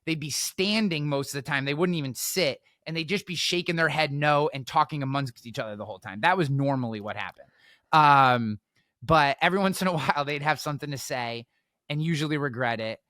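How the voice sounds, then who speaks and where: Man, podcast guest, bright forceful voice, dry close sound, animated stories. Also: a little high, brisk, dry recording. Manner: energetic, repeats words, acts out quotes. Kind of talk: animated storytelling.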